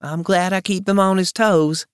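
A man voicing a guarded young woman lawyer with a soft, wry way of speaking. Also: high voice, fairly even intonation, moderate pace, clean tone, no echo, clean studio sound, voice pushed up, natural voice. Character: wary young woman lawyer, warm underneath.

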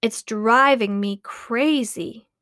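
A woman voicing a grumpy, impatient big gorilla in a storybook reading, gruff and irritable. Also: fairly high pitch, slow, a bit bright, dry recording, studio quality. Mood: raging.

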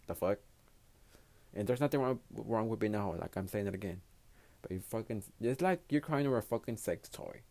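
A man's voice: fairly low pitch, expressive, fairly quick, creaky, darkish tone. A man hosting his own podcast in a casual solo monologue, a native Spanish speaker talking in English, giving blunt, profane, rambling advice. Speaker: podcast host.

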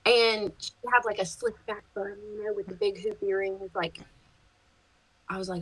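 A woman, a podcast guest, chatting casually and telling lively stories, swearing freely and laughing as she goes. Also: mid-range voice, moderate pace, slightly rough, rough recording. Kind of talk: casual chat, storytelling.

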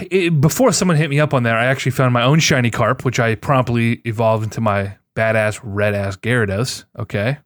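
Excitable, foul-mouthed guy telling gaming stories. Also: medium pitch, no echo, clean studio sound. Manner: excitable, profane, storytelling. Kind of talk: casual gaming chat.

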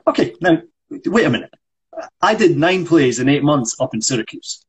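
A man's voice: on the high side, sing-song, normal speed, slightly rough, pitched above the performer's own voice, low-quality recording. A Scottish man reading the part of a frustrated, proud struggling actor in a script read-through, pushing back defensively. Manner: pushy, defensive complaining.

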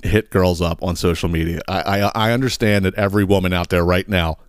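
A man's voice: sits low, fairly even intonation, a little fast, smooth, no echo, clean studio sound. Profane rambling male podcast host. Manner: profane, rambling, stammering repeats. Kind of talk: casual solo podcast monologue.

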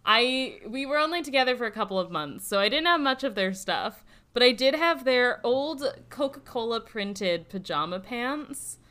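Smooth, bright young woman chatting. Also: on the high side, animated, moderate pace. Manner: laughs often, self-mocking. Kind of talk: casual chat.

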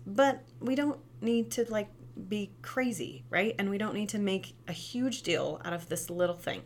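A woman who used to teach preschool, giving casual parenting advice in a lively, conversational way and often asking "right?". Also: moderate pace, hardly any pauses, a little hiss or hum. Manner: animated, acts out quoted kids and parents with big pitch jumps.

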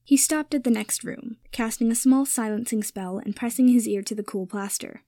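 A woman narrating a story in a measured, even reading style. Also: a little high, no echo, clean studio sound.

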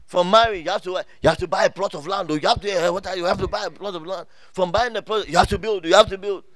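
A male pastor preaching an animated sermon, laughing often and calling out to the congregation. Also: high voice, quick pace. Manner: laughs often, many restarts and fillers.

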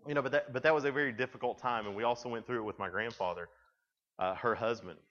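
A man's voice: mid-range voice, fast, a bit bright, big-room sound. Young man speaking to teens, lo-fi. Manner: conversational storytelling with frequent restarts. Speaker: youth speaker. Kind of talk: talk to junior high students. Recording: dull lo-fi sound.

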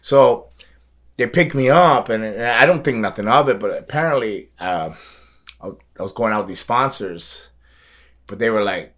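A man's voice: on the low side, animated, normal speed, a bit bright. A man telling a long story as a guest, rambling with many fillers, repeats and frequent laughs. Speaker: guest, wrestler. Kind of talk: casual storytelling.

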